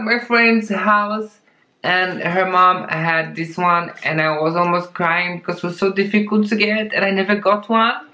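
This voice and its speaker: A woman's voice: on the low side, steady tone, sharp tone. A woman unboxing plant gifts in a casual vlog, gushing and exclaiming as she talks. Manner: gushing, exclamatory, slow and drawn-out. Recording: echoey room with noticeable background noise.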